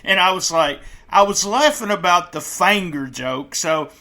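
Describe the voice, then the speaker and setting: High, bright Southern podcast host. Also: male voice, expressive, a little slow. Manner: rambling, chatty, restarts phrases. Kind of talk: casual podcast chat.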